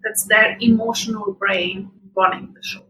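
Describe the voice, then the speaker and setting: A woman hosting a parenting show, giving scripted advice in a calm, measured, reassuring way. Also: mid-range voice, slight background noise, poor audio. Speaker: podcast host.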